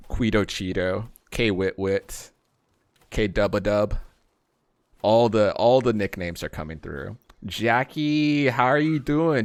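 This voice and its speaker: A man streaming a game, chatting casually with his viewers. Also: fairly low pitch. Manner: chatty, trails off quietly, then greets chat brightly.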